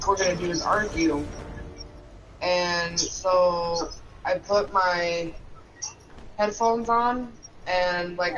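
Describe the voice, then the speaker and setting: A man with a high-pitched voice tells a story in casual, profanity-laced speech that stays emotional throughout. Loud background noise sits behind his voice. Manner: heavily profane, emotional retelling. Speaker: parent and game streamer.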